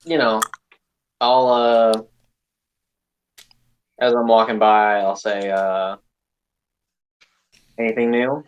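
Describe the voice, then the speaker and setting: A man's voice: fairly low pitch, fairly even intonation, slow, pauses often, clear, resonant tone, highs cut off. A man playing a tabletop role-playing game, asking playful, jokey questions in character. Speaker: player. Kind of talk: casual tabletop role-play.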